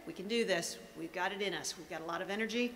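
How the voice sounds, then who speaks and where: A woman's voice: fairly low pitch, fast, a bit bright. A middle-aged woman hosting morning school announcements in an upbeat, chatty, encouraging way. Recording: reverberant room with faint noise.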